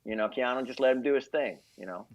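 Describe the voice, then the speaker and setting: A man, a stand-up comedian, chatting casually and telling lively stories full of impressions. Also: mid-range voice, quick pace, lo-fi sound, a crowd in the background. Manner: animated storyteller who breaks into impressions. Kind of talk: casual chat with anecdotes.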